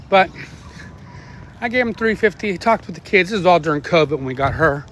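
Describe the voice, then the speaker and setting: A middle-aged man chatting casually while walking his dogs outdoors, rambling, swearing freely and barking quick commands at the dogs. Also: on the high side, fairly bright tone, slight background noise. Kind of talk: casual live-stream chat. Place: outdoors on a neighborhood walk.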